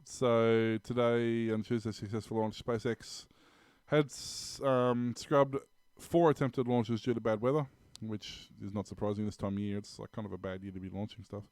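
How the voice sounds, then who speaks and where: Smooth-voiced rambling Australian man. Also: on the low side, level tone, normal speed, darkish tone, no room sound. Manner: rambling, many ums and restarts, laughs often. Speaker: podcast co-host. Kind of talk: casual tech news chat.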